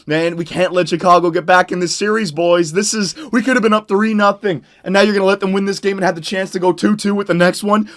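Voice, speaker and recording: Excitable young man shouting over hockey game. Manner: swings from shouting to low muttering, swears. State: voice worn out. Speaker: gaming YouTuber. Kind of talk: excited gameplay commentary.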